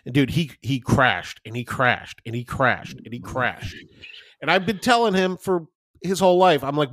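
Speaking at a moderate pace in a mid-range voice, this podcast co-host in his thirties sounds clean and studio-recorded, with no room sound. He tells lively stories in relaxed conversation, swears freely, and acts out quoted voices.

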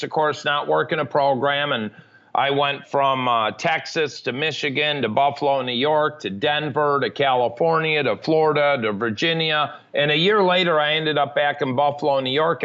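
A man's voice: on the high side, moderate pace, fairly bright tone, dull audio. A man telling his life story frankly and matter-of-factly as a podcast guest. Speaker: podcast guest, recovery advocate. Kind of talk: candid storytelling interview.

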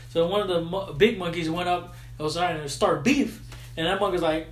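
Animated, slangy man recapping a film. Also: sits high, fast talker, roomy sound. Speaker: podcast host. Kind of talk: casual film recap chat.

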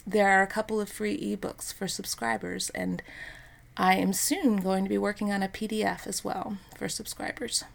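A woman in her thirties hosting an unscripted devotional podcast, talking in an earnest, encouraging way with soft fillers. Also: medium pitch, steady tone, moderate pace, vocal fry. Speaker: podcast host.

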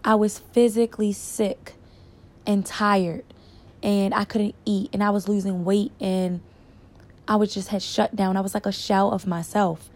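A woman telling a personal story in a candid, reflective way, pausing and repeating words for emphasis. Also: medium pitch, flat delivery, a little mellow. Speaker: storyteller sharing a personal experience.

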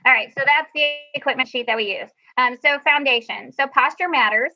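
Band teacher lady presenting on a video call, kinda high voice, chatty and upbeat, muffled lo-fi audio. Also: brisk. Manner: chatty, self-deprecating, upbeat. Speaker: middle school band director. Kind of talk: teacher presentation over screen share.

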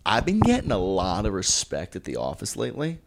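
Speaking a little fast in a lowish, gravelly voice, this young comedy podcast co-host spins lively stories during casual banter and curses without restraint. There is noticeable background noise.

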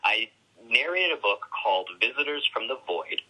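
A man's voice: medium pitch, very animated, normal speed, bright, forceful tone, slightly rough, poor audio. A man, a voice actor guest, chatting casually and animatedly about his work, laughing often. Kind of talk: casual interview chat.

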